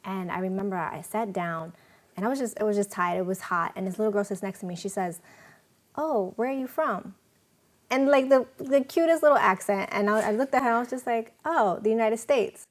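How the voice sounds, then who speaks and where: A woman from New York, hosting a talk show, telling stories and quoting people in an animated way. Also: mid-range voice, quick pace. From New York City. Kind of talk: casual interview talk.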